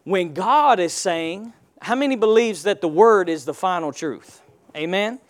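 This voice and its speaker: A man's voice: high-pitched, expressive, a little slow. A man preaching a sermon in a church, using call-and-response and rhetorical questions. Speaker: pastor.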